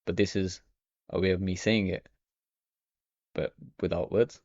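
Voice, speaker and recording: Rambling young man, low gravelly voice. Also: steady tone, measured pace, a little mellow, no room sound. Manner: rambling, full of "you know" and "okay". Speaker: vlogger. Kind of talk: casual talk to camera. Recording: dry, dull lo-fi audio.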